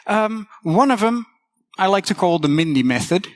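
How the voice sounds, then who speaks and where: A woman's voice: mid-range voice, expressive, moderate pace, no room sound. A woman teacher giving a casual conference talk, swearing freely and acting out the voices she quotes.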